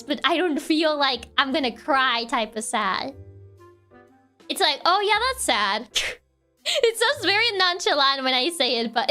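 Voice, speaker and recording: A woman's voice: high-pitched, sharp tone. A woman streamer in casual chat with her viewers. She is chatty, laughs often and fills her talk with "like". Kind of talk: casual chat while reading viewer messages.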